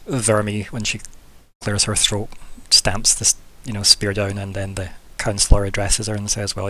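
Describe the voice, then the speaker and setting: A man's voice: lowish voice, a bit bright. A man, narrating a tabletop fantasy game as game master, in a casual, rambling way with many fillers.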